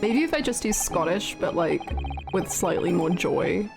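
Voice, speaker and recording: A woman commentating a game stream, giggly and self-mocking. Her pitch swings widely while she talks at an unhurried pace. Game music plays underneath her voice. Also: animated. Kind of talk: let's-play commentary, voicing characters.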